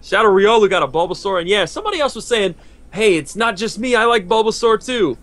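A man co-hosting a casual live stream, excitable and laughing easily as he thanks viewers by name. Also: sits high, fast talker. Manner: excitable, laughs often, reads out chat names.

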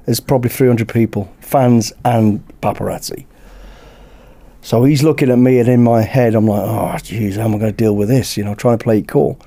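A British man, a podcast guest, telling a lively anecdote in casual chat and acting out the dialogue. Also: medium pitch, brisk. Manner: lively anecdote-teller who acts out dialogue. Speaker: podcast guest, former bodyguard.

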